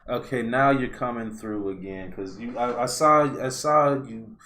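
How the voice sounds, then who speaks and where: A man's voice: mid-range voice, a little slow, a little hiss or hum. A man hosting a podcast, chatting casually and ramblingly about astrology over a video call. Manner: relaxed, rambling, loose slangy phrasing. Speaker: podcast host. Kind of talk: casual astrology chat over a live stream.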